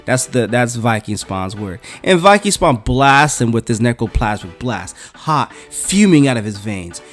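A man's voice: medium pitch, very animated, a little slow, a bit bright, soft background music. Laid-back man reviewing comics. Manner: laid-back, slangy, says "like" a lot.

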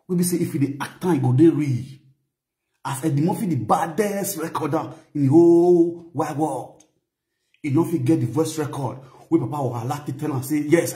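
Nigerian Pidgin commentator with a Benin accent, somewhat high and mellow, preachy, in an echoey room. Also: male voice. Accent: Nigerian Pidgin, Benin (Edo). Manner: preachy, repetitive, keeps asking "you understand?". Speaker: commentator vlogger. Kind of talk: lecturing commentary.

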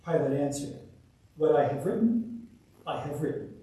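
A man giving a measured, solemn liturgical scripture reading as the church's reader. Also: fairly high pitch, animated, mellow. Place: church sanctuary. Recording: echoey church, distant mic.

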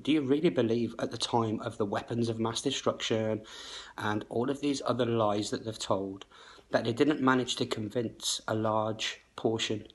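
A man hosting his own channel, talking straight to the camera in an emphatic, insistent way, full of rhetorical questions. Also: medium pitch. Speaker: channel host. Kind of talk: direct-to-camera monologue.

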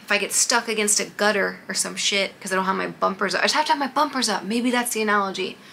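A woman's voice: mid-range voice, quick pace, vocal fry, pushed and bright, a little hiss or hum. A young adult woman in a casual talk-to-camera vlog, candid and rambling, swearing freely. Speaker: vlogger.

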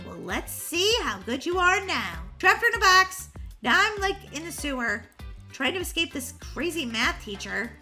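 Woman, high voice, animated, giggly, gaming commentary, faint music behind. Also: moderate pace. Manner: giggly, teasing, excitable. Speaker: gaming channel host. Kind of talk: playful game commentary.

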